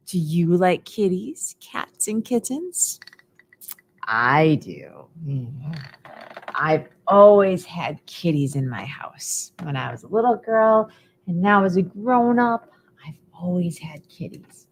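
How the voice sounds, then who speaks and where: A woman leading a preschool storytime, talking in a slow, sing-song way for small children. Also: on the low side, animated, slight background noise. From United States. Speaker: children's librarian.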